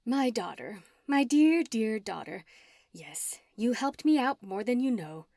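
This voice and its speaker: A woman's voice: a little high, big pitch swings, a little slow, creaky, warm tone, dry recording, studio quality, full character voice. A woman narrator voicing a scheming, gloating female witch villain in an audiobook, her lines sneering and at times hissed.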